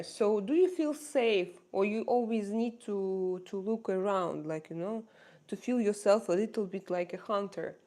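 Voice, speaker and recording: A woman's voice: fairly high pitch, darkish tone. A woman chatting casually on a daily live stream, asking her viewers question after question in non-native English.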